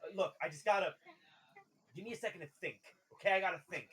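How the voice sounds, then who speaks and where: An agitated seafarer, flustered and talking in short clipped bursts, as a man puts him on at the table. The voice sits a little high. It is a tabletop-game character. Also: fast, fairly bright tone, recorded from a distance, slight background noise. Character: agitated adult male sailor.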